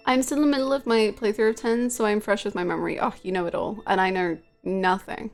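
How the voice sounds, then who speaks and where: A woman's voice: mid-range voice, steady tone, a little fast, vocal fry, hardly any pauses, faint music behind. A woman streaming a game live, chatting casually with her viewers in a giggly, rambling way.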